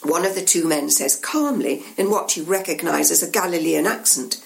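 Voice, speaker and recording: A woman's voice: deep voice, normal speed, gravelly, hardly any pauses. A woman giving a church reflection, telling a scene vividly in the second person for her listeners. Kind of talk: imaginative sermon narration.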